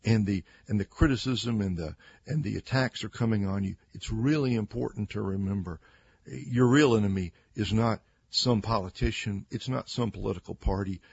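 A man's voice: lowish voice, moderate pace, vocal fry, darkish tone, slightly rough, no room sound, muffled recording. A man giving conversational Bible teaching as a radio guest, earnest and acting out quoted speakers with emphasis. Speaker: Christian author and radio guest.

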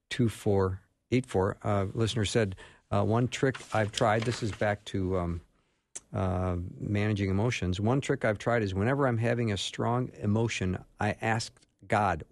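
A man's voice: fairly low pitch, a little mellow, dry recording. A man hosting a call-in radio show, chatty and joking as he reads out listener questions.

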